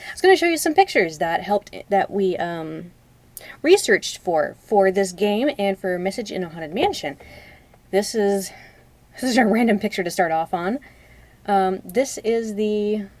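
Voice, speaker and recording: A young woman talks loosely and casually to her stream viewers. She rambles, doubles back to fix her own sentences, and laughs easily along the way. Her voice sits at an ordinary middle pitch. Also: animated, unhurried, long pauses, a little mellow, no room sound. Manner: chatty, rambling, laughs often, self-correcting. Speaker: live streamer showing reference photos. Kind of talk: casual live-stream chat.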